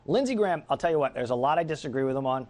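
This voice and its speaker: Animated, sarcastic male talk radio host. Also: medium pitch, racing. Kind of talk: political talk radio monologue.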